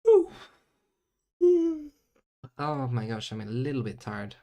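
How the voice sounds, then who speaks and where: A man chats casually on a livestream while he grinds through homework. His voice sits at a middle pitch. He mutters to himself, swings from loud outbursts to near-whispered mumbles, and slips into silly made-up words and shaky French. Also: wildly swooping pitch, creaky. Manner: drifts between loud bursts and quiet mumbling; mixes in halting French. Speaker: streamer doing homework.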